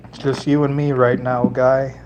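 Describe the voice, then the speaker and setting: A man's voice: mid-range voice, darkish tone, muffled recording, a little hiss or hum. A man chatting casually on a solo livestream, rambling and cracking jokes to viewers while he works with his hands, with a slight put-on Italian lilt. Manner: rambling, jokey, talking to chat while working. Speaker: livestreamer building fishing lures.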